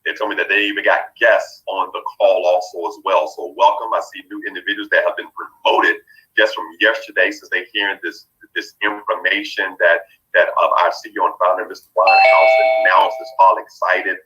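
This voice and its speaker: A man's voice: low voice, level tone, a little fast, bright, forceful tone, poor audio. A man hosting a business conference call, greeting people as they join with repeated upbeat thanks. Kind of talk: welcoming callers before a live call.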